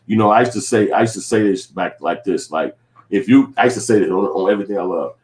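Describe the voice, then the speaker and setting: A man's voice: sits low, quick pace, a little mellow. A man filmmaker in a casual commentary vlog, rambling and profane, acting out little quoted scenes. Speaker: filmmaker and vlogger.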